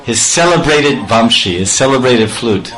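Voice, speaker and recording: A man giving a devotional storytelling sermon, playful and animated, acting out sounds and laughing often. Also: medium pitch, normal speed, low-quality recording. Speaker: spiritual storyteller.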